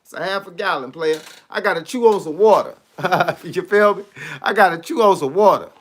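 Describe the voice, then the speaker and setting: A fitness and boxing coach chats casually on a live stream into his phone, sounding animated and slangy and laughing often. His voice is high-pitched and his pace moderate.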